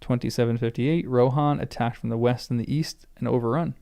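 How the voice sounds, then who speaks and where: A man reads a book aloud for the first time, now and then stumbling over a name and pausing to think it through out loud. His voice is smooth and resonant, with a low gravelly edge and a mellow, relaxed tone. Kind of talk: reading aloud with reactions.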